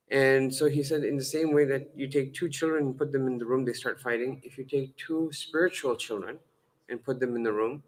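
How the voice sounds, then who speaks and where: An Islamic lecturer with a medium-pitched male voice delivers a lecture-style sermon, heard on a low-quality recording. His manner is conversational and humorous, full of fillers and self-corrections as he restarts words often, and he acts out dialogue by shifting his voice.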